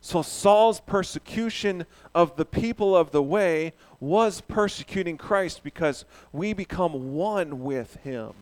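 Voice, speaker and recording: Animated male preacher with a higher voice. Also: slow pace, few pauses. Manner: animated, asks the audience questions. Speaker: pastor. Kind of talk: sermon.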